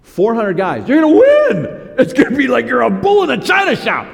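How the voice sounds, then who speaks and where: A man voicing a crowd of excited male false prophets, shouting in a high voice as they egg the king on. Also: moderate pace, long reverb tail, soft background music. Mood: hyped. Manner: shouting, high-pitched, hyped up.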